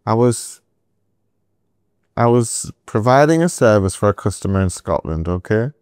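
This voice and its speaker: A middle-aged man from England, telling animated stories as a guest in a podcast interview, with asides to the host. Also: on the low side, normal speed, clean tone, no echo, clean studio sound. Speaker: entrepreneur guest.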